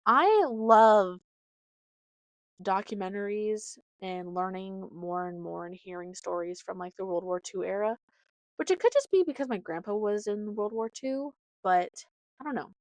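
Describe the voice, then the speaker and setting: A young woman from Nebraska hosting a podcast, telling rambling stories in a chatty, casual way with lots of fillers and animated quoted voices. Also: medium pitch, measured pace, no room sound. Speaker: podcast host. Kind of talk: casual storytelling monologue.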